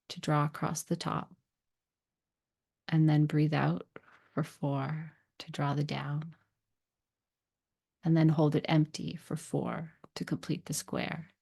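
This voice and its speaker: Low, gravelly woman telling a story. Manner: gentle storytelling, voicing quoted dialogue. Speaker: podcast host. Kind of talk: scripted personal story narration.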